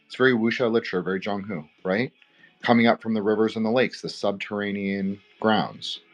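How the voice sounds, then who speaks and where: A man's voice: on the low side, fairly even intonation, a little fast, lo-fi sound, soft background music. A man co-hosting a roundtable podcast, talking in a loose, rambling way full of fillers. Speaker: podcast co-host. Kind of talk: casual roundtable discussion.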